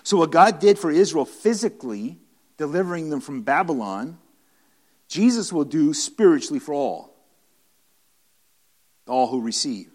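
A man's voice: a little high, lively intonation, measured pace, long pauses. A man preaching a conversational Bible-study sermon to a room of listeners, earnest and emphatic, often restarting and repeating phrases. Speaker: pastor teaching a Bible study.

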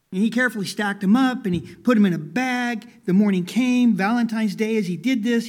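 A pastor telling a story in his sermon, folksy and full of "you know", dropping to a hush and then rising with emphasis. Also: high voice. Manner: folksy, many "you know" fillers, swings from hushed to emphatic.

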